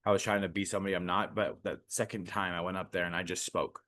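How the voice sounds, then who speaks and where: Casting: male co-host, lowish voice, earnest and reflective, dry close mic. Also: level tone, fast, a bit bright, no room sound. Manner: earnest, reflective, speaks from personal experience. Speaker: podcast co-host. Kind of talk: casual podcast chat.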